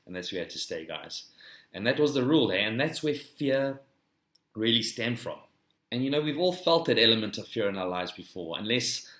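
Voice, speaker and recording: A man's voice: fairly low pitch, bright, forceful tone, reverberant. A South African man hosting his own podcast, talking in a rambling casual monologue to his listeners. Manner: rambling, addresses listeners as "guys", tags "eh?". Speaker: podcast host.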